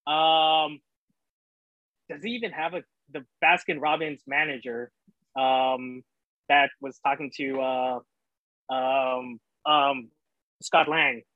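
A man's voice: medium pitch, fairly even intonation, slow, long pauses, no room sound, narrow, tinny audio. A man guesting on a casual podcast chat, hesitant and searching for words.

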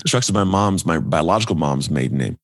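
Recorded close and dry, a man with a low, slightly husky voice animatedly tells a personal story at a quick clip. As a podcast guest in a casual interview, he shifts into other people's voices whenever he quotes them.

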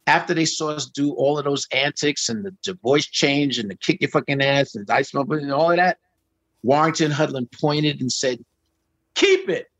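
A middle-aged man casually telling an anecdote as a guest, animated and acting out quotes with jumps in pitch. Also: brisk, no room sound, rough recording. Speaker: guest storyteller.

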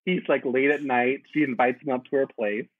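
A man chatting as a guest, animated and laughing, with lots of "like" in his speech. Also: mid-range voice, brisk, slightly rough, no echo. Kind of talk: casual podcast chat. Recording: tinny phone-like line.

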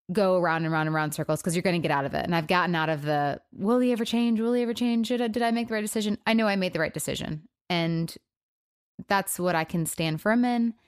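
A woman in her thirties hosts a solo podcast, her voice pitched fairly low and recorded close and dry on a studio microphone. She speaks haltingly and softly, sounding emotionally raw and subdued. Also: smooth, dry recording. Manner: halting, soft-spoken, with frequent pauses and trailing phrases. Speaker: podcast host. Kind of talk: casual solo podcast talk.

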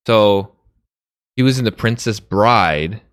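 Male podcast co-host, low voice, dry close sound, easygoing and profane. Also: slow pace, no echo. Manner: laid-back, swears, laughs often, restarts. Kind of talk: casual movie review chat.

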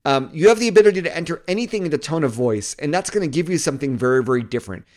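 A man's voice: on the high side, animated, racing, a little mellow. A man hosting a casual walkthrough of a marketing tool, chatty and thinking aloud. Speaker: marketing video host. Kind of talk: casual screen-recording walkthrough.

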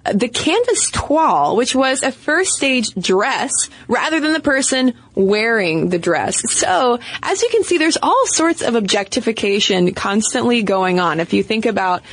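A woman co-hosting a casual history podcast, playful and quick to laugh, sometimes singing out quotes. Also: on the high side, expressive. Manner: playful, laughs often, breaks into sung quotes. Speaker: podcast co-host. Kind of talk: casual conversational history chat.

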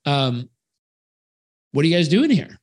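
A friendly local realtor, eager and offhand, tosses out casual offers in a raised, bright voice, as a man puts him on while telling a story. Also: fairly high pitch, very animated, unhurried.

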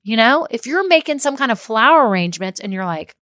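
A woman business coach speaks directly to her listeners in a motivational talk, emphatic and upbeat, repeating key phrases and checking in with "okay?" again and again. Her voice is on the high side, a bit bright, fairly quick, with big pitch swings. The recording is dry and studio quality.

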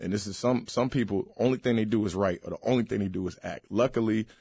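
A male comedian appears as a guest in a casual interview, talking loose and slangy with lively restarts. His lowish voice is gravelly with a breathy edge, and he talks fast. It's recorded dry on a studio mic.

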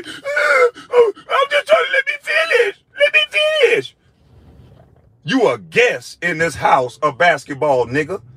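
A former basketball player ranting angrily, trading insults and mocking with profanity. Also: male voice, high voice, bright, forceful tone, breathy edge. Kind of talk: angry profane rant.

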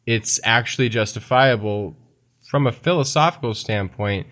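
Man, earnest discussion voice, mid pitch. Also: moderate pace, fairly bright tone. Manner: earnest, thinks aloud with restarts. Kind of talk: casual discussion.

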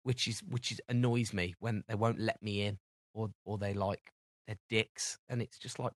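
A British man co-hosting a podcast rambles through everyday anecdotes in casual chat, acting out the dialogue as he goes. His fairly low voice has fairly even intonation and a moderate pace, recorded in studio quality with no room sound.

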